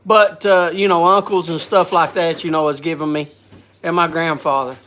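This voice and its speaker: A man's voice: fairly high pitch, flat delivery, fairly bright tone, a little hiss or hum. A man hosting a casual live chat, congested from a cold, coughing and often restarting his sentences. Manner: halting, restarts with repeated words. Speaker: host.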